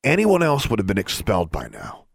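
A man's voice: on the low side, huge pitch swings, brisk, gravelly, breathy edge, no echo, studio quality, heavily acted. A man voicing a contemptuous teenage wizard bully who taunts with mocking scorn in a storybook reading. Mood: sneering.

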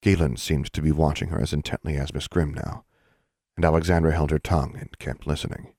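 A man narrating a children's fantasy audiobook in a steady, measured way. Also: very deep voice, no room sound, clean studio sound. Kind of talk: scripted narration.

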